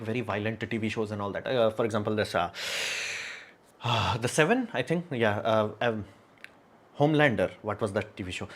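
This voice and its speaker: A man talks casually to his livestream viewers, blunt and rambling. He fills his sentences with uhs and likes and laughs often. His voice sits at a middle pitch. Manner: rambling, frank, laughs often, many fillers. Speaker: livestream host.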